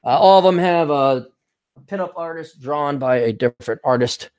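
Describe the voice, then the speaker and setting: A man's voice: a little high, moderate pace, darkish tone, clear, resonant tone, dry recording, clean studio sound. A man hosting a podcast in a casual, rambling monologue, irreverent and profane. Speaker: podcast host.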